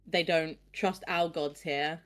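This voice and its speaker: A woman's voice: sits low, steady tone, slow. A woman taking part as a player in a tabletop game, chatty and self-mocking, laughing often. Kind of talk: casual tabletop game chat.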